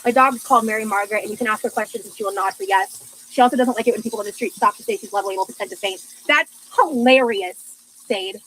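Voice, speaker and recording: This young woman chats casually while cooking on stream, reading chat aloud and gushing with plenty of fillers. Her voice sits on the high side, moves fast, and sounds a bit bright, with some hiss or hum on a rough recording.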